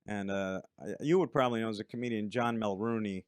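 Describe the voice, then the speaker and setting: A man who is a comedian guest on a podcast, telling stand-up stories in a relaxed way and laughing along. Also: on the low side, quick pace, clear, resonant tone, dry recording, clean studio sound. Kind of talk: casual storytelling chat.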